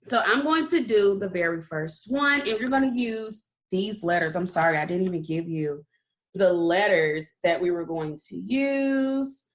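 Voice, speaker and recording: A kindergarten teacher gives young children a phonics lesson, stretching out word sounds in a slow, encouraging manner. Her voice sits lowish and sounds animated.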